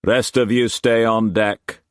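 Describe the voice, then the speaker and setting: A man's voice: fairly low pitch, level tone, takes it slowly, clean tone, dry recording, studio quality, pitched above the performer's own voice. A man reading an audiobook, voicing a commanding, shrewd merchant captain who gives firm, clipped orders.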